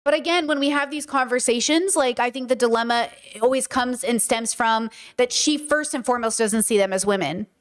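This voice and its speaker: A woman's voice: a little high, fairly quick, hardly any pauses. A young adult woman streamer giving casual, emphatic commentary, repeating her points and swearing freely. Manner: emphatic and repetitive, frequent "like" and swearing. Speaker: streamer and podcast host.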